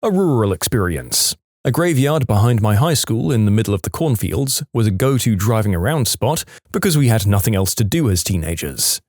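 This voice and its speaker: A man's voice: fairly low pitch, very animated, moderate pace, darkish tone, no echo, clean studio sound. A man narrating reader-submitted stories in a dramatic storytelling manner, with wry asides. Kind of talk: scripted narration of reddit stories.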